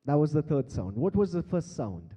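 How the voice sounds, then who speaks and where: A man's voice: a little high, sing-song, moderate pace, mellow, husky. A man teaching beatboxing from a conference stage, playfully quizzing the crowd on a handheld mic, laughing often. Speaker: beatbox performer teaching the audience. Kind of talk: live interactive stage workshop. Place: large conference hall stage. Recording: long hall reverb from a stage PA.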